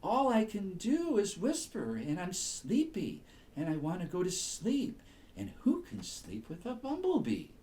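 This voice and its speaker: A man's voice: high voice, huge pitch swings, unhurried, a little mellow, voice pushed up, exaggerated voice. A man whispering as a sleepy little rabbit. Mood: sleepy, fretful. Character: sleepy little boy rabbit who can only whisper. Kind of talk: whispered role-play.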